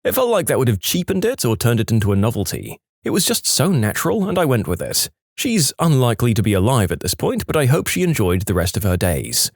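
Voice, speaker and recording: A man narrating online stories in an expressive, scripted storytelling manner. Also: medium pitch, brisk, few pauses, no room sound, studio quality.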